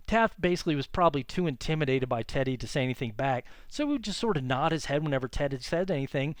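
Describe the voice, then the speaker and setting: A male history teacher giving a conversational classroom lecture, full of fillers and quick self-corrections. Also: fairly high pitch, lively intonation, no room sound.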